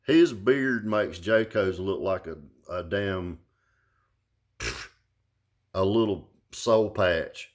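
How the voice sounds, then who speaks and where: A man talking loosely and loudly while unboxing and reviewing a car amplifier, full of cussing and jokes. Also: low-pitched, extremely slow, pauses often. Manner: rambling, profane, loud and jokey. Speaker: vlogger reviewing car audio gear. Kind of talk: casual unboxing chat.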